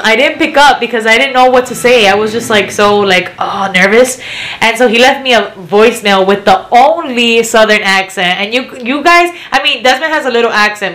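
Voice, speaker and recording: A woman's voice: mid-range voice, a bit bright, low-quality recording. A woman vlogger, around her twenties, telling a story in casual chat and giggling often.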